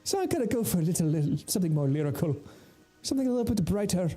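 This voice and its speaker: High-voiced young man streaming a game. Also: very animated, rapid-fire, mellow, faint music behind. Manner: laid-back, swearing, laughing often. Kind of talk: casual gameplay commentary.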